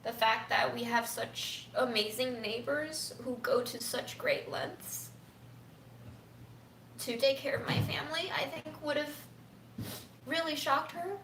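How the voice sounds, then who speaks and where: A young woman speaking softly and haltingly, close to tears, in a personal livestream from home. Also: high-pitched, background noise. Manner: soft, halting and tearful, often near a whisper. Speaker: vlogger. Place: home room. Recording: echoey room with faint ambience.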